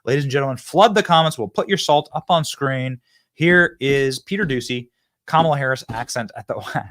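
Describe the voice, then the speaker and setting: A man's voice: mid-range voice, moderate pace, no room sound. A man hosting a political commentary show, talking in a casual, mocking way and laughing often. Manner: animated, sarcastic, laughs often. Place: studio.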